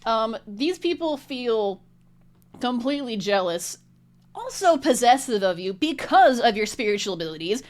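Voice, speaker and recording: A woman's voice: a little high, very animated, moderate pace, darkish tone. A woman reading tarot cards in a vlog, talking bluntly and indignantly with heavy profanity. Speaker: tarot reader.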